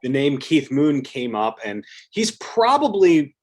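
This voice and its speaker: A man's voice: on the high side, sing-song, takes it slowly, a little mellow, low-quality recording. A man hosting a casual interview on a video call, asking follow-up questions. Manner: friendly, asks follow-up questions. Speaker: podcast host.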